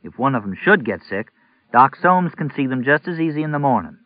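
A man's voice: medium pitch, very animated, fairly quick, no room sound, pitched above the performer's own voice, natural voice. A man voicing a heavy, ailing middle-aged rural sheriff with a folksy manner. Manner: folksy, drawling, a bit weary. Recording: tinny narrow-band audio.

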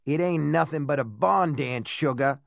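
Male narrator putting on a mocking ghost woman, sing-song, pitched up. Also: normal speed, creaky, no room sound, studio quality. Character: laughing, furious ghostly woman singer.

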